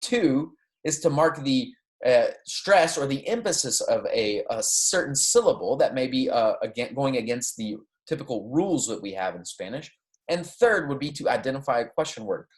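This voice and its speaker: Speaking in a mid-range voice with lively intonation, a male instructor teaches a recorded Spanish class in English. He slowly models Spanish phrases and regularly checks in with "right?" and "okay."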